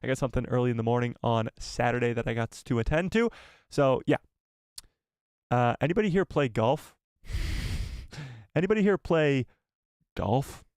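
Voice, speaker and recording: A man's voice: mid-range voice, animated, moderate pace, pauses often, a little mellow, clear, resonant tone, no room sound. An upbeat man chats loosely with his live stream viewers, rambling and often repeating phrases. His voice sits in a mid range. He is recorded close on a dry mic with no room sound. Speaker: YouTube live stream host. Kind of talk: casual live stream chat.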